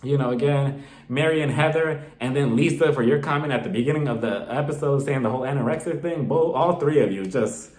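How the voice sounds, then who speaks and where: A man's voice: mid-range voice, a little fast, darkish tone. A man casually recapping a reality TV episode in an opinionated, exasperated way. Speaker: reality TV reviewer. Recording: roomy echo.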